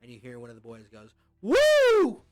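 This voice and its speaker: A man's voice: medium pitch, completely flat delivery, very fast, darkish tone. A man narrating as game master in a loose, casual way with lots of fillers.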